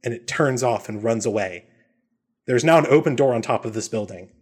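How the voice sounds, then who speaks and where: Male game master, easygoing narration with plenty of filler ums, average pitch. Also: fairly quick, husky. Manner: relaxed, many ums and uhs.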